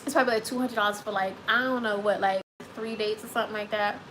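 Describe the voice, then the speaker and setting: A woman hosting a live stream, reading chat comments and giving dating advice in a sassy, animated way, with speech. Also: mid-range voice, fast, slight background noise, low-quality recording. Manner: sassy, animated, repeats phrases for emphasis.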